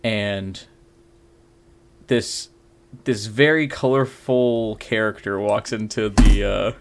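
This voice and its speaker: A young man co-hosting a podcast, telling a story in a casual, animated way, laughing often and acting out the people in it. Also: lowish voice, takes it slowly, vocal fry, noisy background. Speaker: podcast co-host.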